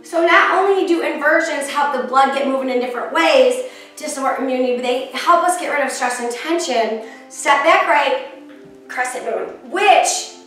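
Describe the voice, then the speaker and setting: Upbeat woman yoga teacher, high voice, chatty cues, recorded in a very echoey room from afar with soft music. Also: moderate pace, recorded from a distance. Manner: encouraging, chatty, self-teasing asides. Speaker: yoga instructor. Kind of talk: guided yoga class instruction.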